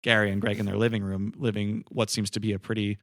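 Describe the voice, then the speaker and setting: A man's voice: on the low side, level tone, quick pace, no room sound, studio quality. A man co-hosting a film podcast who talks thoughtfully, with lots of fillers and restarts. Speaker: podcast co-host. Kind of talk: casual film discussion.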